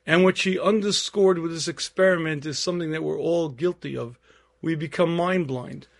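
A man in his fifties giving a Torah lecture, telling stories earnestly and clearing his throat often. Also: fairly high pitch, normal speed.

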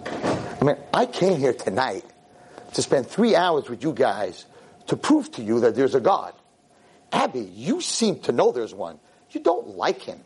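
Animated rabbi telling a story. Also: male voice, unhurried, husky. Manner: acts out dialogue with big pitch jumps, sprinkles Yiddish and Hebrew words. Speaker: rabbi, convention speaker.

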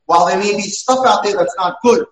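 A man's voice: sits high, fairly quick. A man who works as a dating mentor, telling case stories one after another. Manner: storytelling through examples. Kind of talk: talk. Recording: roomy, from far off.

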